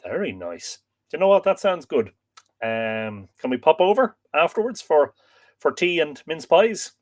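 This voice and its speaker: An Irish man hosting a live stream, reading out viewer comments and chatting in a relaxed, rambling way with lots of fillers. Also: a little high, unhurried. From Ireland. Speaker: host.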